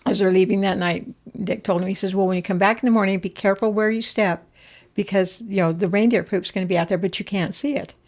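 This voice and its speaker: An older woman guest in a casual interview, telling family stories in an animated way and acting out the voices of the people she quotes. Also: medium pitch, quick pace.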